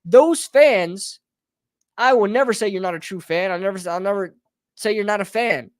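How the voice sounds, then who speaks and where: On a live sports talk stream, a man hosts with a high voice at normal speed, ranting heatedly and calling his listeners "bro" and "brother" again and again. It's a live fan rant, captured as a dry, clean studio recording.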